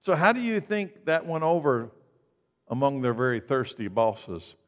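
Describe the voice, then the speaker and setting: A man preaches a sermon in a church sanctuary. He sounds emphatic, rising to loud declarations and dropping to hushed lines. His voice sits at a middling pitch and trails off in a long hall reverb. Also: big pitch swings, measured pace, muffled recording. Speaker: pastor.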